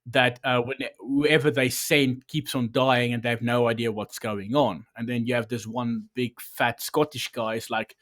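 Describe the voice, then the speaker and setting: A man's voice: medium pitch, fairly even intonation, normal speed, few pauses, a bit bright. A man hosting a podcast, talking in a rambling, sarcastic, profane way while reviewing a show. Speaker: podcast host. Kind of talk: casual review chat.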